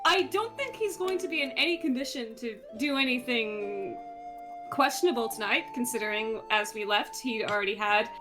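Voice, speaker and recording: A woman playing a tabletop game in character, chatty and quick to giggle. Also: a little high, expressive. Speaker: player. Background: background music.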